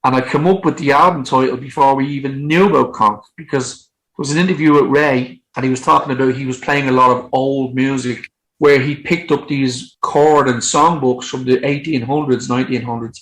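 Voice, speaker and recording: A man in his fifties, a songwriter guest telling lively anecdotes in casual chat and acting out what people said. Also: mid-range voice, moderate pace, rough recording. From Ireland. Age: 50s. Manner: animated, acts out quotes, frequent swearing.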